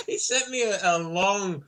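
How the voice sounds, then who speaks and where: Cheeky English caller who swings his pitch around and swears casually. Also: noisy background. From England. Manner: animated storytelling, swears casually. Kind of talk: casual comedic chat.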